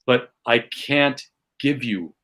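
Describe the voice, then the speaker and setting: A man from Chicago, a comedian, telling a fan memory in casual chat with rising excitement and self-mocking asides. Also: mid-range voice, takes it slowly. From Chicago, USA. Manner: animated, builds tension, self-mocking. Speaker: podcast guest, comedian.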